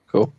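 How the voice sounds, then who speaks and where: A man from England chatting on a stream, curious and hesitant, apologizing easily. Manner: curious, hesitant, says um and yeah. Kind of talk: casual chat.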